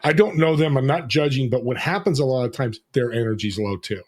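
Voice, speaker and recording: Energetic male podcast guest, animated, mid-pitched voice. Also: a little fast. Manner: energetic, animated, acts out quoted dialogue. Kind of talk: casual conversation.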